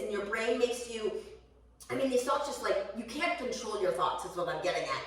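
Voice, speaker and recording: A woman's voice: on the high side, expressive, fairly quick. A woman vlogging casually while stretching, talking candidly and rambling, swearing freely. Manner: rambling, candid and profane, with laughs. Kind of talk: casual chat to camera. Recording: echoey room, voice from far off the mic.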